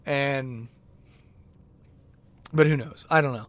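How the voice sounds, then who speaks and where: A man's voice: medium pitch, steady tone, takes it slowly, a bit bright, no room sound. A man hosting his own podcast, talking alone in a rambling, exasperated way. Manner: rambling and exasperated, with many restarts and laughs. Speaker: podcast host. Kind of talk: casual solo podcast rant. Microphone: podcast microphone.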